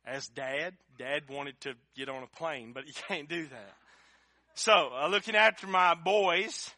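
High, bright-voiced impassioned preacher man. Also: unhurried, no echo. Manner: impassioned, swells to shouting. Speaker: pastor. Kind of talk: sermon.

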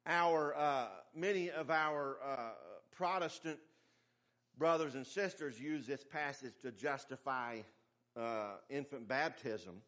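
A man's voice: mid-range voice, slow pace, a bit bright. A middle-aged man preaching a sermon in a folksy, emphatic way, with humorous asides. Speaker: pastor.

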